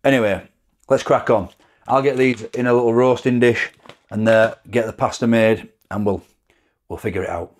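A man's voice: medium pitch, steady tone, moderate pace. A middle-aged man, chatting casually to camera as a food vlogger, rambling and laughing often.

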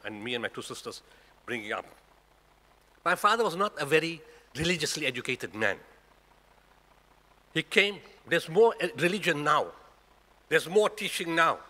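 A guest speaker in his sixties, a South African man with a matching accent, delivers a Friday sermon in a mosque prayer hall full of reverb. He challenges the congregation with rhetorical questions in a slightly high voice that sounds pushed and bright.

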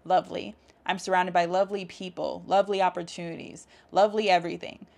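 A woman with a somewhat low voice talks casually through uplifting affirmations. She laughs easily and keeps an encouraging, chatty tone. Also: fairly even intonation, quick pace, gravelly. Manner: warm encouraging, laughs often, speaks affirmations aloud. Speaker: self-help vlogger.

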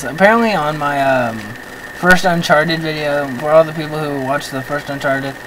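A man hosting a let's-play, giving excitable commentary, often yelping at the game, with self-mocking rambling asides. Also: on the high side, background noise. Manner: excitable, yelps and shouts at the game. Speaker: gaming channel host.

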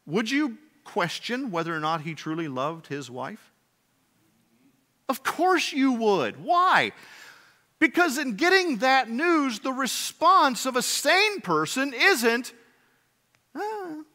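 Bright-voiced male preacher in a reverberant hall. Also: big pitch swings, slow pace. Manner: dramatic preaching, swings between loud emphasis and hushed low delivery; uses rhetorical questions. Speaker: pastor. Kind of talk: sermon. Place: church sanctuary.

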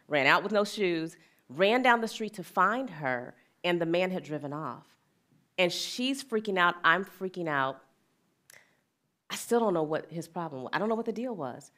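Earnest low-voiced middle-aged woman. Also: fairly bright tone. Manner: earnest, plain-spoken, laughs easily. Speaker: wellness and equity speaker. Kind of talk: reflective talk with a personal story.

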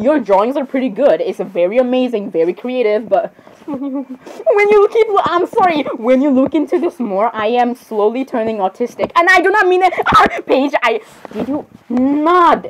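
A woman giving casual reaction commentary on drawings, excitable and giggly, full of exclamations. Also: on the high side, slight background noise, poor audio. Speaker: video creator reacting to drawings.

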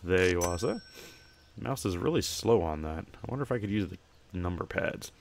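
A young man with a lowish voice, chatting casually over a game he is playing. His pitch swings widely as he jumps from muttered asides into bright, playful shopkeeper greetings, and his commentary never sits still. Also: lively intonation, normal speed, gravelly, slight background noise. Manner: playful, breaks into chirpy shopkeeper greetings to customers. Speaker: gamer.

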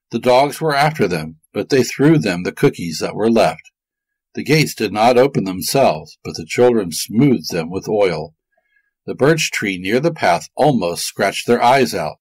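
Man reading a fairy tale, lowish husky voice, super lively, dry sound. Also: no room sound, low-quality recording. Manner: expressive, storybook cadence. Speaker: storyteller. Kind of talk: folk tale narration.

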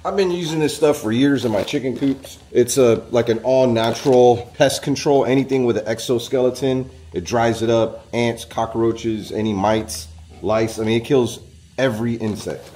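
A man vlogging casually outdoors on his small farm, chatting to the camera and talking to his animals in a high coaxing voice. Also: lively intonation, moderate pace, dark tone, slight background noise. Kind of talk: casual vlog chat.

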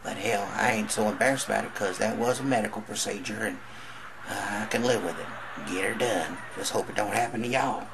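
A man's voice: lowish voice, fairly quick, vocal fry, background noise. A man voicing a folksy, matter-of-fact old male country doctor in a stand-up bit. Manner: folksy drawl.

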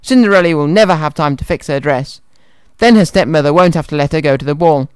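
A man voicing a small, fussy and kind male mouse in a storybook reading, with a high squeaky delivery. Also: quick pace, clean tone, no echo, studio quality, lightly acted. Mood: worried.

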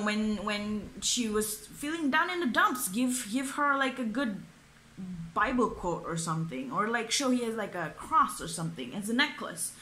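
Young woman ranting about a book, bright edgy voice, swears a lot, echoey room. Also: mid-range voice, a little hiss or hum. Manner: exasperated, swearing, many fillers. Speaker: book reviewer.

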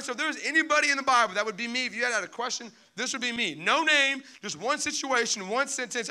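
A young man preaching a sermon as pastor, animated and storytelling, putting on squeaky panicked voices for the people in his stories. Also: quick pace, hardly any pauses.

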